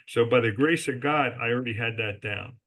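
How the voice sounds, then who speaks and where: A man's voice: medium pitch, brisk, fairly bright tone. A man as a guest in a podcast interview, telling business stories emphatically and answering his own rhetorical questions. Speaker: guest, resort company executive.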